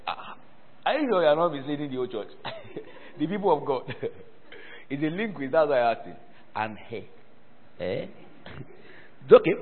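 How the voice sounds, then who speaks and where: Heard over a tinny line from an echoey hall, a man with a fairly high, slightly rough voice teaches a Bible word study within his sermon. He talks at normal speed but pauses often, animatedly calling for congregation responses and breaking into mocking laughter.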